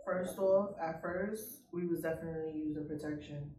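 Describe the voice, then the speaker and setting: A woman's voice: deep voice, normal speed, noisy background. A young woman telling a personal story in casual chat, blunt and profane, acting out the people she quotes. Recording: echoey room, mic at a distance.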